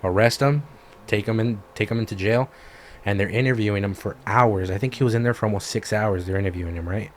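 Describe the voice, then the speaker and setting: A man with a fairly low voice retells a story on a casual podcast, animated and loose, cursing freely. A faint hum of room sound sits under his voice. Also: fast. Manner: animated retelling, swears freely, acts out quotes. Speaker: podcast co-host.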